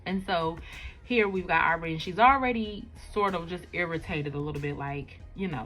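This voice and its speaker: A woman's voice: lowish voice, moderate pace, fairly bright tone, faint music behind. A woman casually reading through her own webcomic, chatty and full of fillers. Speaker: webcomic creator. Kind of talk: casual comic read-aloud.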